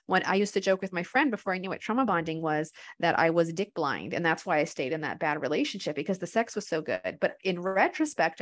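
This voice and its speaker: A woman in her thirties hosting a podcast, telling personal stories in a frank, animated way full of fillers. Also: fairly low pitch. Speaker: podcast host. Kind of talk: candid conversational podcast talk.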